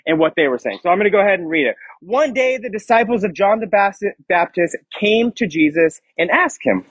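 Young male youth pastor, high husky voice, playful, dry dull lo-fi recording. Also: fairly bright tone, dry recording. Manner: playful, joking with students, reads scripture aloud. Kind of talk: youth sermon. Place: church youth room. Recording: dull lo-fi sound.

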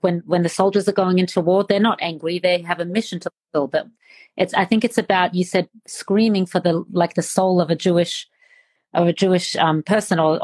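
Husky woman podcast host. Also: fairly low pitch, no room sound. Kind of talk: casual interview chat.

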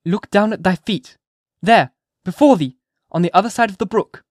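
A man's voice: high-pitched, normal speed, no echo, clean studio sound, pitched above the performer's own voice. A man voicing a troubled young mother who speaks in a raised, pleading tone. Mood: sad.

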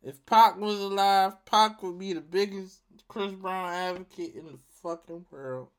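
A man's voice: high-pitched, steady tone, measured pace, smooth. A man giving a casual rant to his viewers, emphatic and profane, repeating himself for effect. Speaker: vlogger.

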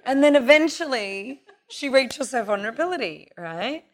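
A middle-aged woman teaching tantra in a casual, profane, animated way, acting out little voices as she talks. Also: sits high, moderate pace. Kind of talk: casual spiritual talk.

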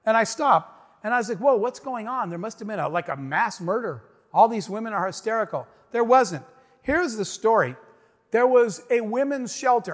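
A middle-aged man telling a story as a motivational speaker, talking emphatically and directly to his audience. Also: sits high. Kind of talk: inspirational stage talk. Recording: long hall reverb.

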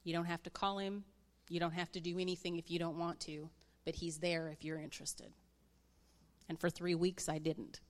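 A woman in her thirties with a slightly low voice shares her personal testimony. She tells it candidly, with emotion close to the surface. She speaks to a church audience. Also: little pitch movement, moderate pace. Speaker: guest speaker.

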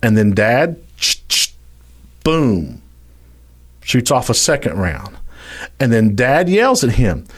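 Folksy Louisiana storyteller, male, lively pitch. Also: takes it slowly, long pauses. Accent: Louisiana Southern US. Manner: folksy, dramatic, addresses listeners as y'all. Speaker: storyteller guest. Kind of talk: animated storytelling.

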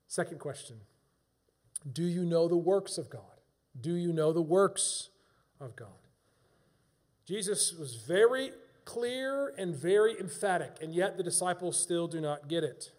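A pastor delivering a sermon, preaching emphatically and swinging between hushed and raised passages. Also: male voice, sits high, animated, measured pace.

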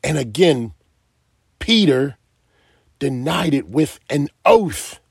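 Slow, husky-voiced male preacher. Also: a little high, animated, no echo, studio quality. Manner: emphatic, asks the listeners direct questions. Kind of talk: sermon.

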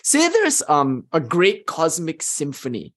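A man's voice: on the high side, huge pitch swings, unhurried, a bit bright. A man giving a live online lecture as a spiritual teacher, speaking in an enthusiastic, conversational way with frequent "you know" fillers. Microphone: video call.

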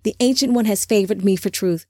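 A woman voicing an uneasy young man who speaks in a guarded, measured way. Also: medium pitch, dark tone, no echo, clean studio sound, lightly acted.

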